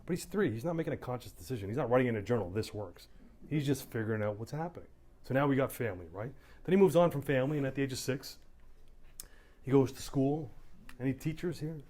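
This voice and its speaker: Fast-talking man telling a story. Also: mid-range voice. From Canada. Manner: animated storytelling, acting out voices. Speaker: police officer speaker. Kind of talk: community town hall talk. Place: community hall.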